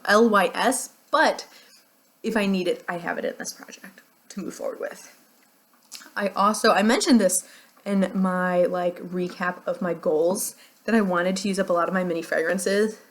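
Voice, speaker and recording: Chatty American woman vlogger. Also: medium pitch. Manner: chatty, rambling, laughs often. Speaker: beauty vlogger. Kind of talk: casual product chat.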